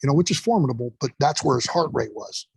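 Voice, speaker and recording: A man's voice: medium pitch, lively intonation, fast talker, gravelly, a little mellow, husky, dry recording, low-quality recording. A man, an instructor and guest, telling stories in a casual interview, emphatic and swearing freely.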